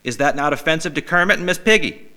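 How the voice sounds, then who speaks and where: A man's voice: a little high, fast talker. A middle-aged man hosting a casual comedy podcast, swearing freely and putting on mock outrage. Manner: profane, animated, mock-outraged. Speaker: podcast host.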